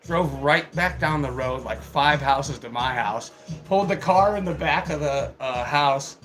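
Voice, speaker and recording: A man's voice: mid-range voice, moderate pace, a bit bright, low-quality recording. A young man casually telling rambling, profane stories with lots of laughter. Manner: laid-back, profane, laughs through his stories. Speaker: storyteller. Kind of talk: casual storytelling. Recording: music playing in the background.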